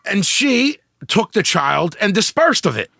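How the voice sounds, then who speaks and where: High, gravelly brash man. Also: sing-song, a little slow, bright, forceful tone, no echo, clean studio sound. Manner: brash, joking, boisterous. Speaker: podcast host. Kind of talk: casual profane banter.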